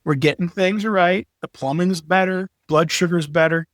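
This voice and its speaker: Middle-aged guy, high voice, super animated and swears a lot, acts out stories, dry close mic. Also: normal speed, no echo. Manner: animated storyteller, profane, acts out quotes. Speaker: podcast guest, graphic designer. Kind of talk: casual chat.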